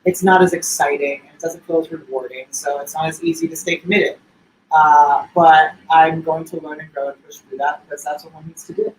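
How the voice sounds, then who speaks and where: A man's voice: on the high side, steady tone, brisk, a little hiss or hum. A man co-hosting a casual show, telling stories in an effusive, chatty way. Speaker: co-host. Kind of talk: casual livestream chat. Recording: echoey room with faint ambience.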